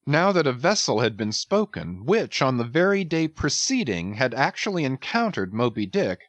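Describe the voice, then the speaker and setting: A man narrating a novel in a measured, formal way. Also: medium pitch, very animated, a bit bright, no room sound. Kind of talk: audiobook narration.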